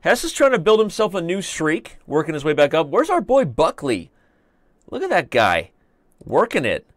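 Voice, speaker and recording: A man's voice: fairly high pitch, huge pitch swings, no room sound. Playful male chess stream host, dry sound. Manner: playful, joking, fast-moving. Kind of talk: live chess commentary.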